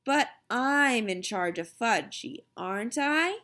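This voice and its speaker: A woman voicing a bossy know-it-all schoolgirl of about nine, shrill and taunting. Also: animated, takes it slowly, bright, forceful tone, full character voice. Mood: eager. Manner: shrill, taunting, sing-song.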